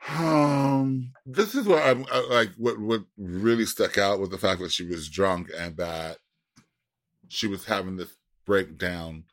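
A man's voice: on the low side, unhurried, no room sound, clean studio sound. A man co-hosting a podcast in casual chat, laid-back and slangy, drawing his phrases out. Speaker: podcast co-host.

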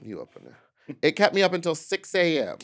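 A woman's voice: deep voice, very animated, a little fast. A woman from Texas, co-hosting a casual chat with crude jokes. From Katy, Texas. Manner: crude joking, swooping delivery. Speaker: podcast co-host.

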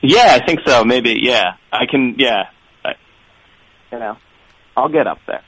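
A man from Philadelphia calling in to a radio show, talking in a hesitant, stammering, low-key way. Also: animated, a little slow, fairly bright tone, no echo, rough recording. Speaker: caller. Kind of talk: phone call-in chat.

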